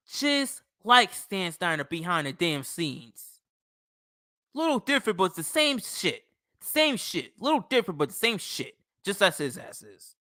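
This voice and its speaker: A man's voice: high-pitched, pushed and bright, dry recording, clean studio sound. A man hosting sports talk, ranting heatedly with profane trash talk.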